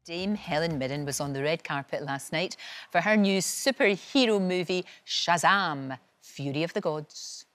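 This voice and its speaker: A woman's voice: fairly low pitch, moderate pace. A woman hosting a morning talk show, chatting with enthusiastic reactions. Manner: warm enthusiastic interjections. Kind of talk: casual chat interview.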